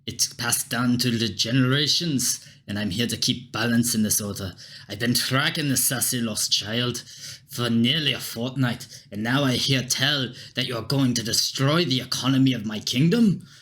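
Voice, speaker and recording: A man voicing a stern, armored male soldier with a Scottish accent and a gruff, formal manner. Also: mid-range voice, normal speed, a bit bright, lightly acted.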